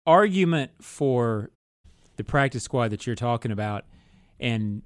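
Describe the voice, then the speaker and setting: A man co-hosting a sports talk show, breaking down roster questions in a measured, analytical way. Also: medium pitch, expressive, clear, resonant tone, dry recording, studio quality. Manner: measured, analytical, thinks aloud with fillers. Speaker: sports radio co-host.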